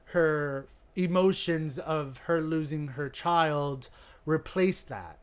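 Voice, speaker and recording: A man co-hosting a podcast, animatedly recapping a horror movie plot at a podcast microphone in casual chat. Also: a little high. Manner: animated storyteller, laughs easily. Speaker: podcast co-host.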